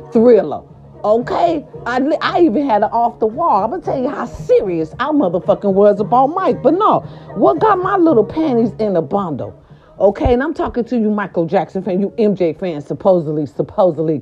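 A woman vlogger rants to her viewers with a lively, swooping voice and a mellow, warm tone, swearing freely and repeating lines for emphasis. The recording is dull and lo-fi, with faint music playing behind her. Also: mid-range voice, moderate pace. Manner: profane, repetitive, talks straight to her viewers. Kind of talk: casual rant to camera. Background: faint background music.

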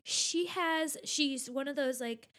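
Animated, chatty mother telling stories. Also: high voice, slow pace. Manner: animated storyteller, acts out her child's voice. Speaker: parent on a podcast. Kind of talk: casual chat.

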